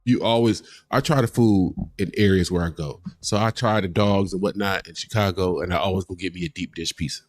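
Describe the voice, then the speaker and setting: Male stream host, low voice, dry close mic, profane animated rant. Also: a little fast, hardly any pauses, no room sound. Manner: animated, profane, heated ranting. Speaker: host of a reaction livestream. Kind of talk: casual reaction commentary.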